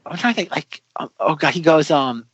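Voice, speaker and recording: A man chatting on a film podcast in a high, lively voice that swings widely as he fires off incredulous questions. The sound is dry and slightly dull. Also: brisk, husky, no room sound. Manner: animated, incredulous rhetorical questions. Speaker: podcast co-host. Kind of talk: casual podcast chat.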